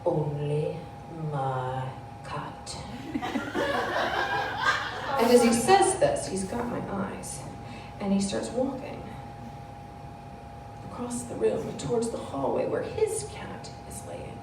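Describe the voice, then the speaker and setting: Animated woman doing stand-up, echoey and distant. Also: a little high, slow, gravelly. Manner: storytelling, mock-serious, laughing at own punchlines. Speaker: stand-up comedian. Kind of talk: stand-up comedy routine. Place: bar stage before a live audience. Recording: echoey room from far off, noisy.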